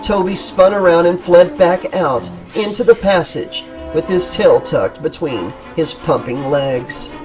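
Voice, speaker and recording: A man narrating a horror audiobook in a steady, dramatic storytelling manner. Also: a little high, unhurried, few pauses, music in the background, low-quality recording. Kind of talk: scripted narration.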